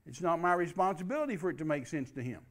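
Guy preaching a sermon, high voice, really emphatic, spells words out letter by letter. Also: big pitch swings, fast.

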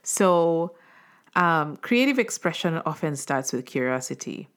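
A woman's voice: sits low, big pitch swings, a little slow. A woman hosting a podcast, encouraging her guest with affirmations and a loose, filler-heavy way of talking. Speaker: podcast host. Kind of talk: casual interview conversation.

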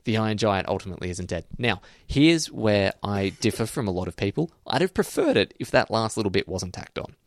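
A man in casual chat about movies, telling plots in a relaxed way with many ums. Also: fairly low pitch, fairly quick, few pauses, no room sound, studio quality.

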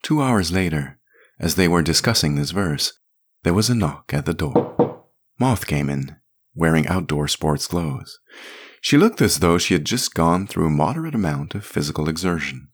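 A man narrating a story podcast in an expressive, measured way. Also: low-pitched, breathy edge.

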